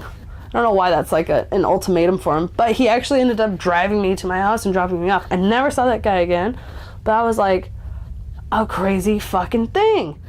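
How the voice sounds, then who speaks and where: A woman in her twenties shares a personal recovery story in loose, conversational speech. She fills her sentences with "like" and curses bluntly. She speaks at a middle pitch, as if telling a friend what happened. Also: animated, fairly quick, darkish tone. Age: 20s. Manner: chatty, frequent "like", blunt swearing. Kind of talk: casual spoken storytelling.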